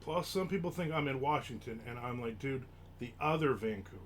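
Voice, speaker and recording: A man talking casually to his live-stream chat at an ordinary pitch, loose and rambling. He reads out comments as he goes. A faint hiss of background noise sits under his voice. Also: animated, a little fast. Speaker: livestream host.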